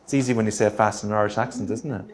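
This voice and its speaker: A man presenting a grant writing workshop, punchy and energetic, checking in with the room with quick rhetorical questions. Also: lowish voice, a little hiss or hum. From Australia.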